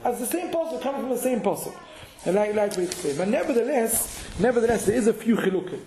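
A man with a fairly high voice teaches a halachic lesson, thinking aloud with many restarts and repeated words. His talk is peppered with Hebrew and Yiddish terms. The room around him is echoey and reverberant. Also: animated, fast, warm tone, a little hiss or hum. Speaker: Torah teacher.

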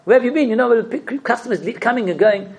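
Man doing a shrill scolding shopkeeper's wife. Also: fast talker, slightly rough, exaggerated voice. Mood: exasperated. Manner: high, exasperated scolding.

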